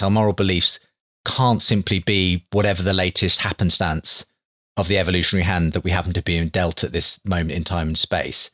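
A man's voice: lowish voice, fairly bright tone, no echo, clean studio sound. A man who hosts a faith debate show, telling an anecdote earnestly in a hedging, conversational way with many fillers.

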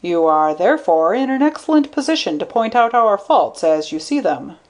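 A woman's voice: medium pitch, very animated, normal speed, darkish tone, lightly acted. Woman voicing a courtly hotel manager. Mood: formal. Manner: formal and courteous. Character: polite hotel manager man, smooth and formal.

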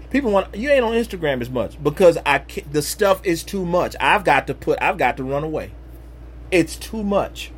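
A man's voice: a little high, husky. A man hosting his own podcast, talking to viewers in an emphatic, conversational, preachy way about faith. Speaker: podcast host.

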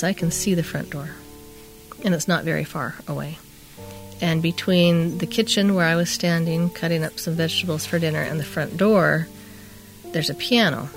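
A middle-aged woman with a lowish, gravelly voice spins a chatty, rambling story on a talk show. She slips into the voices of the people she quotes, and faint music plays behind her. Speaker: podcast co-host telling a story. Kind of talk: casual storytelling.

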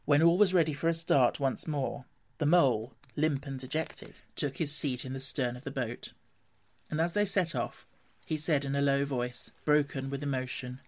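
A man reading a classic storybook aloud in an expressive, gently animated way. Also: mid-range voice, normal speed. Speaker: narrator.

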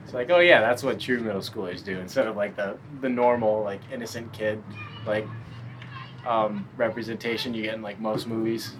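A man joining a casual podcast as a guest, an MMA fighter who tosses in quick jokes, recorded outdoors in a park. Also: fairly low pitch, fairly even intonation, background noise. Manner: quick joking remarks.

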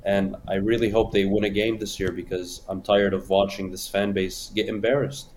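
A man's voice: lowish voice, flat delivery, moderate pace, darkish tone, slight background noise. A man co-hosting a sports radio show, blunt and opinionated, swearing freely in casual talk.

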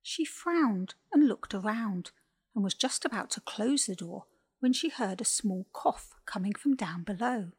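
A woman narrates a children's animal story in a slow, gentle reading voice. Her tone is gravelly and husky, and she takes her time over each sentence. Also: medium pitch, animated.

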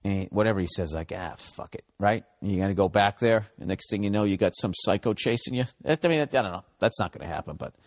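A man's voice: on the low side, expressive, fast talker, hardly any pauses, big-room sound. A man hosting a solo podcast, telling stories in a profane, self-mocking ramble. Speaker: podcast host.

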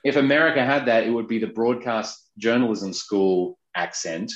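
A man's voice: medium pitch, normal speed, lo-fi sound, a little hiss or hum. Chatty man from Australia, echoey. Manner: chatty, rambling with fillers. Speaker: guest cartoonist. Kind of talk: casual interview chat.

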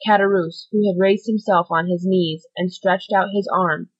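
A woman with a fairly low voice narrates a classic novel in a steady, measured reading. The recording sounds dull and lo-fi. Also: breathy edge. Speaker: audiobook narrator. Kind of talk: scripted narration.

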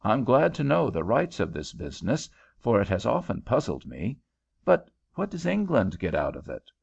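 A man doing a calm, gravelly American traveller. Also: medium pitch, moderate pace, heavily acted. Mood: curious. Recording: dull lo-fi home recording.

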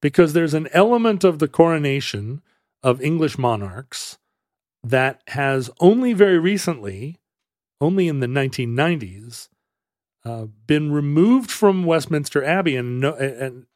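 A man co-hosting a podcast in casual chat, halting and searching for words at times, with a playful streak. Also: on the high side, expressive, darkish tone, no echo, studio quality. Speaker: podcast co-host.

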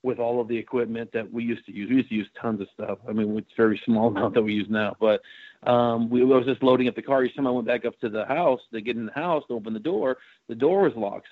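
A man's voice: mid-range voice, no echo. Chatty man telling a ghost story. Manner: rambling, many fillers and restarts. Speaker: paranormal investigator. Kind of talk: casual storytelling interview. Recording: dry, slightly muffled recording.

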